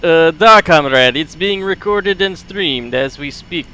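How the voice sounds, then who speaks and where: A man voicing a boastful Soviet pilot in a put-on Russian accent, in halting broken English full of "uh"s. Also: a little high, lively intonation, heavy background noise. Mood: jovial. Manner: broken grammar, halting with "uh", louder than his own talk. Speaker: streamer playing a flight sim.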